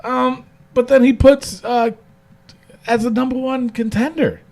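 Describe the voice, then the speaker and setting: A man's voice: extremely high pitch, fairly even intonation, a little slow, creaky, a little mellow. A man hosting a casual wrestling podcast, rambling with lots of fillers and restarts. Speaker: podcast host.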